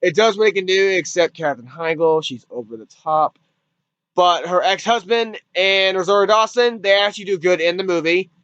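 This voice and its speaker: A man talks through a movie review in a loose, rambling way, repeating himself and swearing offhand. His voice is high and bright, smooth and clear. The sound is dry and a little dull, like a lo-fi home recording. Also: moderate pace, no room sound. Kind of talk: casual spoken review.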